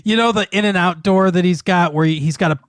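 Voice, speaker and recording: A man with a fairly high voice tells a film's plot in loose, rambling chat, stumbling through fillers and restarts and laughing often. He swears casually as he goes. The sound is dry and close, with no room echo. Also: fairly quick, clean tone. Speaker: podcast co-host.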